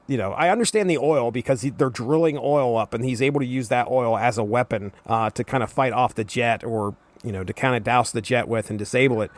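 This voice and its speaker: A man hosting a comics podcast, giving casual commentary with wry, rambling, amused asides. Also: mid-range voice. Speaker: podcast host.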